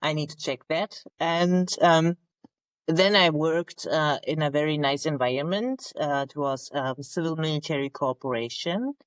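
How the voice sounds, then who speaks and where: A woman, a naval officer telling her story in English as a guest, halting as she searches for words. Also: deep voice, dry recording, rough recording. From Germany. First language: German. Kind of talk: conversational interview storytelling.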